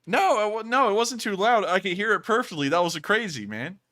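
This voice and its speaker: A man's voice: sits high, lively intonation, a little fast, sharp tone. A young man of about twenty hosting a live stream, earnestly and effusively thanking viewers for donations. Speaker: livestream host.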